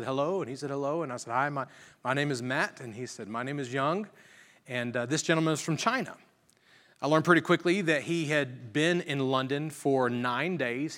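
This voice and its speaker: A male pastor from Virginia tells a story as a sermon testimony, speaking earnestly and getting more emphatic as he preaches. His voice is fairly high and a bit bright, and the recording echoes as if in a reverberant hall.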